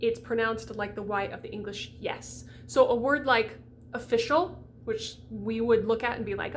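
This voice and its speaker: A woman's voice: a little high, fairly even intonation, normal speed, slight background noise. Chatty, emphatic woman voice coach. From United States. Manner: chatty, emphatic, demonstrates sounds aloud. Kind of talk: pronunciation lesson for singers.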